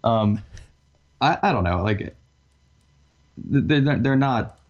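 A man co-hosting a casual sports podcast with a husky voice and dry, deadpan jokes. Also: mid-range voice, takes it slowly. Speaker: podcast co-host. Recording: dull lo-fi recording.

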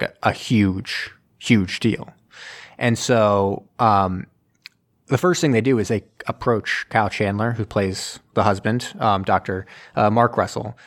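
A man with a slightly low voice chatting casually. He retells a story in a loose, wandering way, stopping to fix his own words and filling gaps with "uh" and "like.". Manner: rambling, loose storytelling full of fillers and self-corrections. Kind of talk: casual chat.

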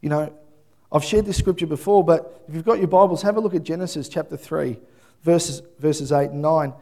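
A man, middle-aged, preaching a sermon and telling family stories with lively acted-out voices. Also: fairly quick. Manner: animated storytelling, acts out voices, high excited calling. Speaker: pastor.

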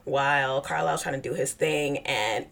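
A woman's voice: a bass voice, moderate pace, creaky, fairly bright tone. A young woman co-hosting a podcast, casually recapping a book and laughing often as she mimics the characters. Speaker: podcast co-host.

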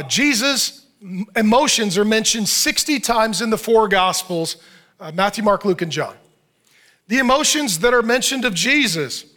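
A middle-aged man preaching a sermon in an animated, joking way. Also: high voice. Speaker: pastor.

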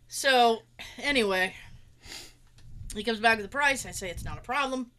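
A woman's voice: on the high side, normal speed, pauses often. A woman chatting casually, telling a story with lots of swearing and acting out what others said. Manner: animated, swears freely, acts out others' lines.

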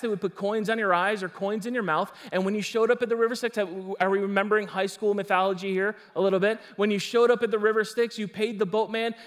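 A pastor delivers a sermon in a high-pitched male voice. He preaches with emphasis and breaks off into casual, conversational asides to the congregation.

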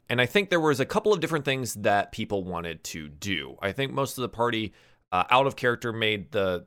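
A man acting as game master, recapping the story in a relaxed, hesitant way full of ums and uhs. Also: on the low side, clean tone. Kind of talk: narrating a tabletop game recap.

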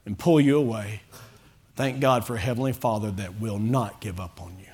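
A man preaching a sermon to his congregation as pastor, fervent and rising to loud pleading calls. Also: on the low side, moderate pace. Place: church sanctuary with a congregation.

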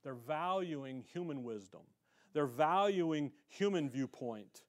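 A man preaching an animated sermon as pastor, swinging between loud emphasis and quiet asides, self-described as getting excited. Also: fairly high pitch, slow pace. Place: church sanctuary.

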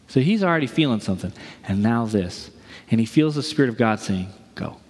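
A man's voice: medium pitch, moderate pace, slightly rough. A middle-aged man preaching a sermon, telling a story and acting out the voices of its people. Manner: storytelling, animated, acts out quoted voices. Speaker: pastor. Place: large church auditorium. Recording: long reverb of a large hall.

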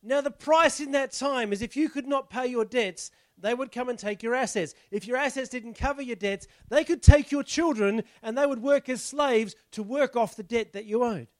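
A man's voice: very high voice, normal speed, few pauses, dry recording. A man, a pastor giving a conversational sermon, explaining the text and asking his listeners questions. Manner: chatty, explains the text and asks the congregation rhetorical questions.

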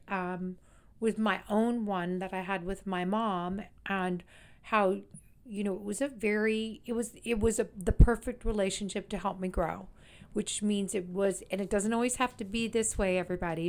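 Woman on a podcast, chatty and rambly, medium-pitched voice, really leans on her words. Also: clear, resonant tone. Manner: chatty, emphatic, rambling storyteller. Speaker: psychic medium guest. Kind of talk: casual podcast chat.

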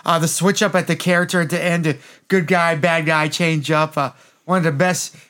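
A man co-hosting a casual movie podcast, excitable and quick to laugh. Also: on the high side, clean tone. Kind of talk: casual movie review chat.

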